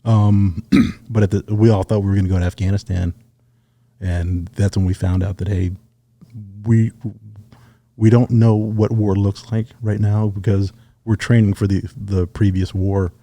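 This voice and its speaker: A middle-aged man, a retired Navy SEAL sniper, telling his story in a relaxed, casual interview. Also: on the low side, measured pace, no echo. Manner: relaxed storyteller, acts out quoted dialogue.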